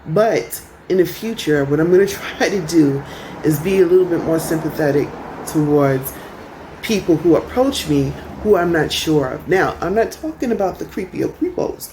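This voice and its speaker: A middle-aged woman tells stories in a relaxed, chatty vlog, sitting out on a porch. Her voice sits low and warm, and she keeps it animated with frequent laughs. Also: moderate pace, a little hiss or hum. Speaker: vlogger. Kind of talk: casual storytelling vlog. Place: outdoor porch in the rain.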